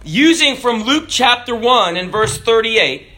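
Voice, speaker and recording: A male preacher with a bright, ringing voice delivers a sermon. He moves from telling a joke like a storyteller to reading scripture aloud. Many of his lines sink into a low, quiet finish. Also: very animated, a little slow. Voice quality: dramatic drops in pitch and volume at line ends.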